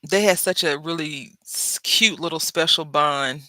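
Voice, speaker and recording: A woman hosts a crafting video, chatting casually and telling stories as she works. She acts out quoted lines with big leaps in pitch and drops to soft murmurs when concentrating. Her pace is a little slow, and there's no room sound.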